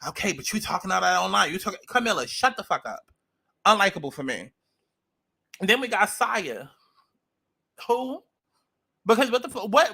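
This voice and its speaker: High-voiced sassy New man. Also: pushed and bright. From New York. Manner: blunt, profane, sassy. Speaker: reality show reviewer. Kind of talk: ranting commentary.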